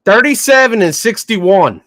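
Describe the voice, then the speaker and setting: A man's voice: high-pitched, expressive, unhurried, fairly bright tone, no room sound, studio quality. A man co-hosting a sports show in casual banter, repeating his questions and pushing his point. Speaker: podcast co-host.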